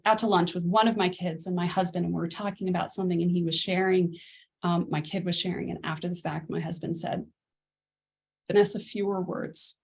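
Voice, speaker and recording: A middle-aged woman coaching parents in a relaxed masterclass on a video call, talking through ideas with lots of fillers and "right?" asides. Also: lowish voice. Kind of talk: casual teaching on a video call.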